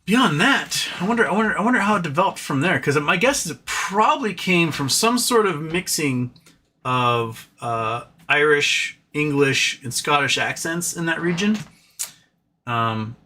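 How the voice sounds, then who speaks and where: A man hosting a live stream, talking fast and loosely, with many fillers and restarts. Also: a little high, animated, bright, forceful tone, slight background noise. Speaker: livestream host. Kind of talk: casual live-stream chat.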